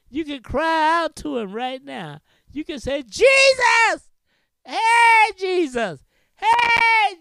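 A man pastor preaches in an unhurried, sing-song cadence. He drops in amens constantly and punctuates phrases with a rhythmic "huh". His voice is smooth and resonant, and it sounds close and dry. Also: extremely high pitch, no echo. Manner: frequent interjected amens and hallelujahs. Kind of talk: sermon.

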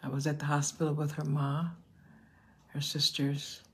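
An older woman pastor preaching a storytelling sermon, often dropping into hushed whispers for emphasis. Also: low voice, completely flat delivery, moderate pace, slightly rough. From United States.

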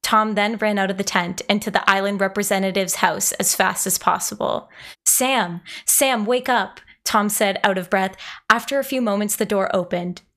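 A woman's voice: medium pitch, brisk. A young woman hosting and reading a fan story aloud to friends, laughing often between passages. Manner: giggly, animated reader. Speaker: host.

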